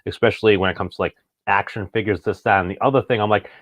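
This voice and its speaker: A man's voice: fairly low pitch, fairly even intonation, fast, no echo. A man co-hosting a casual chat, rambling and hedging with lots of filler words. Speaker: podcast co-host.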